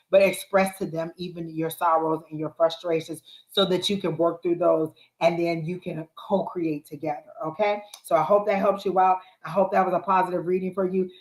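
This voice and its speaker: Lady doing tarot readings on a live stream, lowish voice, kinda echoey room, lots of um and encouragement. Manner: warm, encouraging, repetitive phrasing with fillers. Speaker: psychic reader. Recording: roomy echo.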